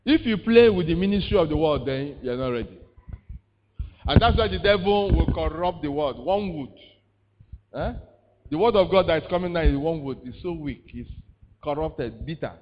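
A man's voice: a little high, animated, moderate pace, slight background noise. A man, preaching a sermon in call-and-response style, repeating words and prompting the congregation with questions. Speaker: pastor. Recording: reverberant, muffled sound.

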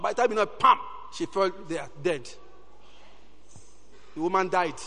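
High-voiced preacher in a reverberant hall. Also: male voice, normal speed, long pauses. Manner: animated, peppers talk with "Hallelujah". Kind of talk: sermon.

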